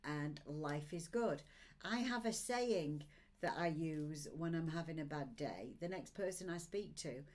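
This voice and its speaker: Woman, sixties, oracle card reader, upbeat, motivational, live-stream chat, slightly low voice. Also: lively intonation, measured pace, darkish tone. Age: 60s. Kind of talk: live-stream chat, reading viewer comments.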